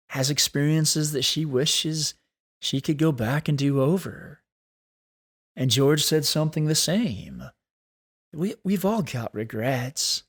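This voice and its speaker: A man hosting a solo podcast, talking in an earnest, thoughtful way and slowing down to stress key points. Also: medium pitch. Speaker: podcast host. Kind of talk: reflective solo podcast talk.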